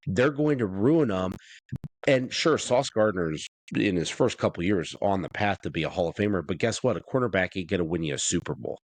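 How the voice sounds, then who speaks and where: A man with a very low, deep voice rants bluntly through a casual sports podcast chat. The sound is dry and close, with no room around it. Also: animated, fairly quick, no room sound. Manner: blunt, ranting, swears freely. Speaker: podcast co-host.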